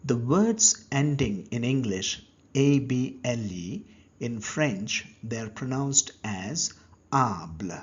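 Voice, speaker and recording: A man teaching a step-by-step language lesson, speaking slowly and patiently and pausing so learners can answer. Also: medium pitch, lively intonation, a little mellow, husky. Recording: dull lo-fi recording.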